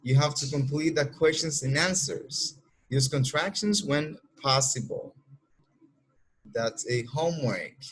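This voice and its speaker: Dominican male English teacher, slow and husky, patient, models each answer. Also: fairly high pitch, a bit bright. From Dominican Republic. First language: Spanish. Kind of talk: classroom lesson explanation.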